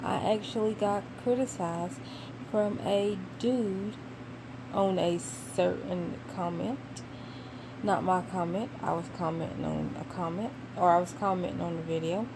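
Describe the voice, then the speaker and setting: A young woman with a Southern US accent from Tennessee, chatting casually and emphatically on a vlog, with fillers and pauses. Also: lowish voice, fairly even intonation. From Knoxville, Tennessee, USA. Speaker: vlogger. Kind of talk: casual chat. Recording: home recording with clear background noise.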